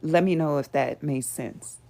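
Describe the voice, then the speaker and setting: A woman's voice: low voice, unhurried, gravelly, dark tone. A woman hosting a show, teaching spiritual principles to a live audience in an earnest, conversational way and often asking them rhetorical questions.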